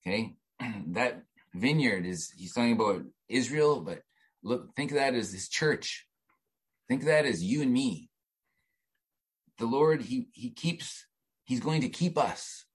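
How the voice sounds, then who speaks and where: A middle-aged man delivers a sermon in a relaxed, conversational manner. His voice is husky and sits at an ordinary pitch. He often repeats words as he gathers his thoughts. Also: unhurried, long pauses, poor audio. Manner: conversational preaching with many restarts and asides. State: emotional, near tears while reading. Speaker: pastor.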